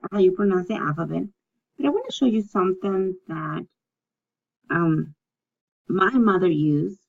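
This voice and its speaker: A woman leads a recorded language lesson, taking her time and repeating each word so learners can follow along. Her voice has a gravelly, fry-tinged texture and an unhurried pace. The recording sounds dull and lo-fi. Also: lowish voice, a little mellow. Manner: slow, patient, repeats words for practice. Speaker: Spanish teacher.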